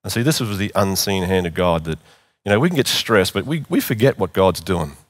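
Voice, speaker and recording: A man's voice: sits low, animated, brisk. A middle-aged man preaching in church, earnest and repeating phrases for emphasis. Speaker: pastor. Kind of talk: sermon.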